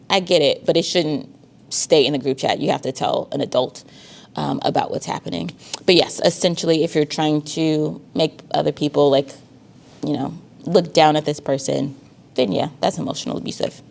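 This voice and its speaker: Low gravelly-voiced woman counselor. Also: moderate pace, a little mellow. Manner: conversational, uses y'all and filler likes. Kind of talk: casual talk on teen dating safety.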